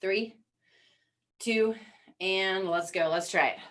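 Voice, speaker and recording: A woman's voice: mid-range voice, slow, far from the mic. Woman coaching a workout, off-mic. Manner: encouraging counting cues, calm coaching. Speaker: fitness instructor. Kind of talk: guided workout class.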